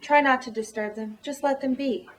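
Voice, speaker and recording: A man's voice: extremely high pitch, moderate pace, a bit bright. A woman reading the part of a kind, loyal male elephant, speaking earnestly and pleadingly.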